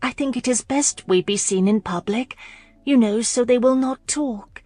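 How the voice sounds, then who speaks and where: A woman narrator voicing an anxious young noblewoman who speaks softly and hesitantly. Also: fairly high pitch, unhurried, no room sound, pitched above the performer's own voice. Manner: soft, hesitant, fretting. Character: anxious young noblewoman fiancée, timid and eager.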